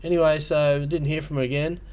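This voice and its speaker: A man's voice: on the high side, level tone, quick pace, a little mellow, clear, resonant tone. Rambling Australian man chatting on a livestream. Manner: rambling storytelling with many ums and restarts. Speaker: livestream host. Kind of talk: casual livestream chat.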